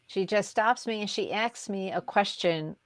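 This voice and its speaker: A woman's voice: medium pitch, dry recording. Dry, close-miked woman telling a story. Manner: unhurried storyteller, fillers and soft laughs. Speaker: crafting YouTuber co-host. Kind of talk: casual chat.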